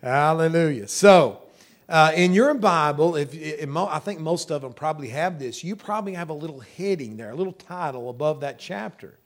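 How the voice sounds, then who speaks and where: US male pastor, high-pitched, folksy sermon delivery, repeats himself and says hallelujah often. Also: expressive, normal speed. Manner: folksy, repetitive, with frequent hallelujahs and amens.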